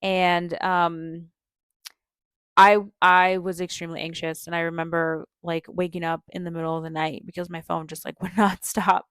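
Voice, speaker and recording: A woman's voice: on the low side, level tone, moderate pace, a bit bright, clean tone, dry recording, studio quality. Chatty young woman hosting a faith podcast. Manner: chatty, with many "like" and "um" fillers and frequent small laughs; earnest and openly emotional. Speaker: podcast host. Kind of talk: casual personal storytelling.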